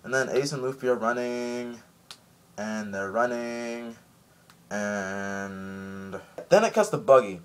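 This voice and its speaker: Casual male fan reviewer, mid-pitched, chatty and loose, lots of fillers. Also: smooth. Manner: rambling, chatty, frequent "um" and "like"; slips into quick high voices when quoting characters. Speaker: anime episode reviewer.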